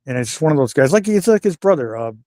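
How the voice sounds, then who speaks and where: An older man with a fairly high voice spins backstage stories in a relaxed, chatty way. He slips into the voices of the people he quotes and swears freely. His voice is recorded close and dry, with no room sound. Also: fast, no room sound. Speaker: retired pro wrestler, guest. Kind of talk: casual storytelling interview.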